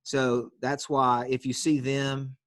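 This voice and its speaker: A man's voice: medium pitch, level tone, slow, dry recording, clean studio sound. A man teaching an online grammar class on a video call, explaining patiently step by step and calling on students.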